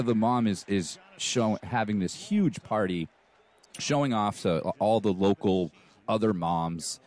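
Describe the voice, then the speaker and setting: A man's voice: lowish voice, darkish tone. A man co-hosting a podcast, casually recapping a movie plot and cast in detail. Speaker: podcast co-host. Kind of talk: casual chat.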